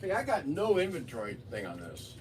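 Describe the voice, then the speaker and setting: Man, lively swooping voice, sarcastic needling, off mic in a store. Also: fairly high pitch, fairly quick, recorded from a distance, slight background noise. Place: hobby store.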